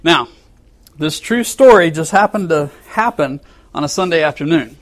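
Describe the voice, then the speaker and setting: A man preaching a sermon, telling a story with animated delivery and acting out the angry quotes as he chuckles along with his congregation. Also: a little high, moderate pace.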